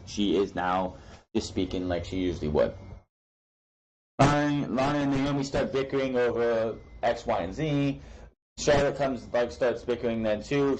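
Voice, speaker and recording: A man's voice: medium pitch, a little mellow, low-quality recording. Blunt, ranting young man reviewing wrestling. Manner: stumbling restarts, swears casually. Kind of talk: casual recap and commentary.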